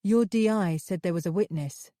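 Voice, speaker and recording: A woman's voice: fairly low pitch, normal speed, dry recording, clean studio sound, natural voice. A woman playing an outraged woman therapist. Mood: terse. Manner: sharp, outraged outbursts. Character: indignant woman therapist defending her patient.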